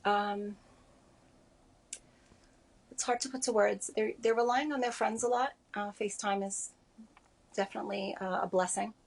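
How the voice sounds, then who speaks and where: A grieving woman in her forties giving a remote interview over a video call, speaking softly and haltingly with many pauses. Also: mid-range voice, steady tone. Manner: halting, soft-spoken, many pauses and fillers. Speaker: interview guest.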